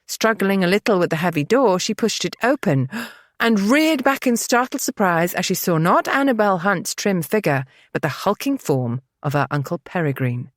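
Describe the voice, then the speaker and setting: An audiobook narrator, a woman, reads a historical romance novel in a steady, dramatic storytelling style. Her pitch is medium and her pace moderate, and the scripted narration is recorded cleanly in a studio with no room sound.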